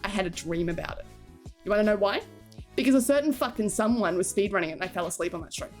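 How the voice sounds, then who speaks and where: A woman's voice: mid-range voice, fast talker, darkish tone, faint music behind. A young adult woman streaming live, chatting casually with her viewers, giggling often and swearing freely as she rambles.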